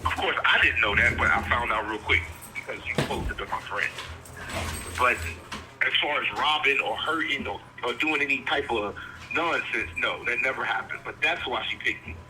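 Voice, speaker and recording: A man's voice: mid-range voice, normal speed, background noise. A man in his forties from Virginia, talking earnestly and rambling a little in an interview, calling in by phone from prison. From Virginia, USA. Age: 40s. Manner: earnest, rambling, speaks plainly. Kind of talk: candid interview.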